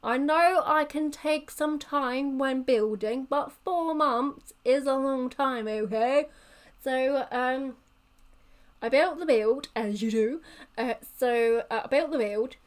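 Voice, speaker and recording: A woman's voice: sits high, takes it slowly. Playful rambling woman narrating. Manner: rambling, playful, self-correcting. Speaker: channel creator. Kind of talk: casual storytelling voiceover.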